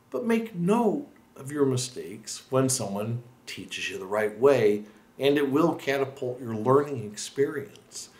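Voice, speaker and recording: This mid-range male voice belongs to an American lesson host offering learners earnest, conversational tips, full of restarts and asides. He speaks encouragingly to the camera in an echoey room.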